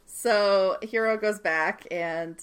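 A young woman co-hosting a casual podcast, retelling a TV episode in a lively way and acting out the characters' lines with plenty of swearing. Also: medium pitch, slow, clear, resonant tone. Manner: animated storytelling, acts out characters' lines, swears and laughs often. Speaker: podcast co-host recapping a TV series. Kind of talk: casual chat.

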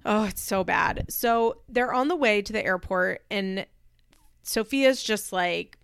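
A woman giving a casual, opinionated recap, chatty with many fillers and acting out quotes in high voices. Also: takes it slowly, vocal fry, a bit bright, smooth, dry recording, studio quality. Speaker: commentator recapping a reality show.

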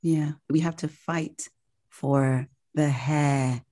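A woman's voice: low voice, fairly even intonation, drawn-out words, dark tone. A woman hosting a casual podcast chat, chatty and emphatic, often laughing. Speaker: podcast host.

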